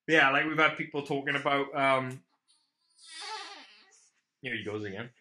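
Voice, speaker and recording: A man's voice: mid-range voice, normal speed, sharp tone, a little hiss or hum. A young man co-hosting a casual podcast from home, chatting in sweary, joking banter. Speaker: podcast co-host. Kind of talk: casual chat.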